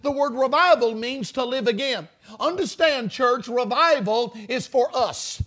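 High-voiced man preaching revival. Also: measured pace, fairly bright tone. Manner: rhythmic, emphatic preaching with call and response. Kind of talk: revival sermon.

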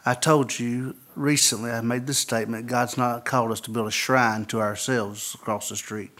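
A pastor speaking softly and steadily to his congregation, his voice sitting at an ordinary middle pitch. He sounds set back from the microphone. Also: steady tone, normal speed. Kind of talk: sermon follow-up.

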